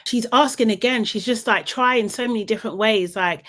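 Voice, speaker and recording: A young woman in a casual, gossipy vlog recap, talking in a chatty, animated way full of "like" and "you know". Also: on the high side, moderate pace. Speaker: reality TV recap vlogger.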